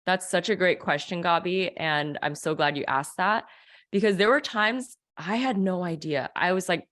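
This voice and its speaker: A woman's voice: lowish voice, moderate pace, a bit bright. A woman guest telling an earnest, emotional personal story of faith, with frequent restarts.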